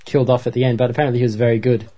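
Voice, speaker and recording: A man's voice: medium pitch, little pitch movement, very fast, mellow. A man co-hosting a casual podcast chat in a playful, joking manner. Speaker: podcast co-host.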